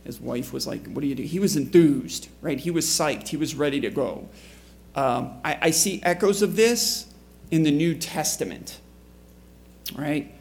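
A man's voice: fairly high pitch, lively intonation, a little slow, gravelly, a little mellow. A man preaching a conversational sermon to a congregation in church, often asking the listeners questions. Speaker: pastor.

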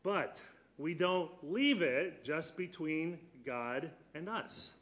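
A man teaching a church Bible class, earnest, putting questions to his students and slowing down on key words. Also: on the high side, lively intonation, fairly bright tone.

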